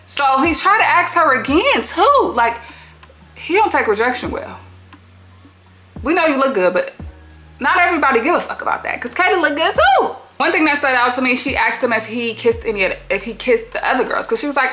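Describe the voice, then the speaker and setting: A woman hosting a reality show recap, talking in an animated, sassy way full of slang and swearing. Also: a little high, fairly quick, soft background music. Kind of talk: casual TV recap commentary.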